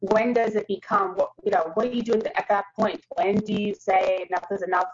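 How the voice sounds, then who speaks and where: A woman hosts a remote panel and asks long, halting questions full of fillers and restarts. Her mid-pitched voice is muffled, with a faint hiss behind it. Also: fairly even intonation. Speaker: host. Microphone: video call.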